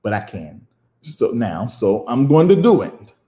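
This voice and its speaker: A man who is a preacher and show host giving emotional live-stream commentary, emphatic and preachy, repeating phrases and pausing at length. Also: medium pitch, very animated, warm tone, echoey room.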